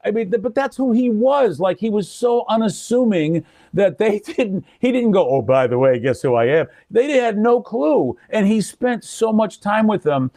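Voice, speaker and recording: A man's voice: sits high, a little slow, hardly any pauses, dry recording, clean studio sound. An older man, a radio personality, telling stories in casual conversation and acting out the people he quotes. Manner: animated storyteller, acts out quoted people.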